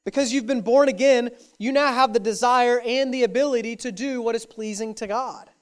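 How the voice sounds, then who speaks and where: Man, pastor, sermon, earnest, repeats phrases, fairly high voice. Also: steady tone, brisk, smooth. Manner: earnest preaching with repetition for emphasis.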